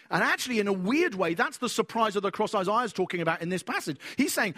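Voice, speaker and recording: High-voiced man preaching a lively sermon. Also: fast, hardly any pauses. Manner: animated storytelling, acting out voices.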